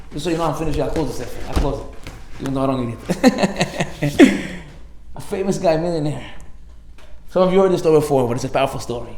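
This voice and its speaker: A man giving a lively sermon as a rabbi, telling stories and acting out the characters, laughing often. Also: fairly high pitch, reverberant. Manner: animated, acts out characters in the story, laughs often.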